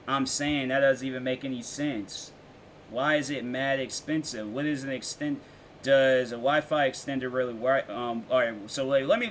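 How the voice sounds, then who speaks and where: A young man, a vlogger and streamer, rambling casually in his bedroom with loose slang and lots of fillers. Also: mid-range voice. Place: warm bedroom with fans running. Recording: faint fan noise behind.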